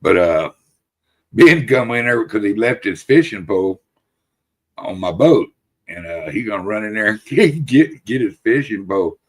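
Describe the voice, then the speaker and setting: A man with a somewhat low voice tells rambling stories in a relaxed podcast chat. He swears freely and laughs his way through each tale, looping back with "and, uh" as he goes. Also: normal speed. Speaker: podcast host. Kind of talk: casual storytelling chat.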